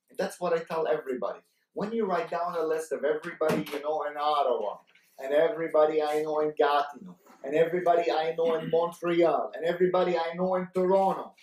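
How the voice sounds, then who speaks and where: A man with a fairly high voice leads a sales training session, driving his points home by repeating them and checking in with his listeners. He sounds distant from the mic, and the room carries a noticeable echo. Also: a little mellow, a little hiss or hum. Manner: coaching, repeats key points, keeps checking with "right?". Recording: roomy echo, mic far off.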